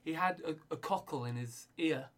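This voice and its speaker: A man co-hosts a comedy podcast with a slightly higher voice than most. He tells a rambling story and jumps into loud, sweary voices for the people in it. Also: moderate pace, crowd noise. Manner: rambling, plays characters in loud swearing bursts. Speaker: podcast co-host. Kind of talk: comic storytelling.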